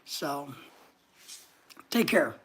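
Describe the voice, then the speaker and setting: Husky man chatting on a livestream. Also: on the high side, big pitch swings, drawn-out words, a bit bright. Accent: neutral American. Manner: rambling, reads viewer comments aloud and answers them. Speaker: livestream host. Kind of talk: casual livestream chat.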